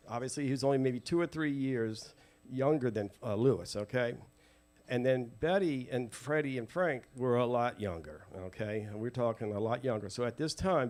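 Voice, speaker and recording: A man, a guest telling family stories to a live audience in an animated way, acting out quoted voices. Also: medium pitch. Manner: lively, acts out quoted voices, laughs often.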